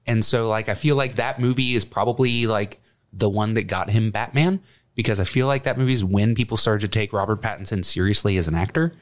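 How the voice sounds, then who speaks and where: A man as guest on a casual movie podcast, chatty and quick to laugh and swear. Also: on the low side. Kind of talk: casual chat.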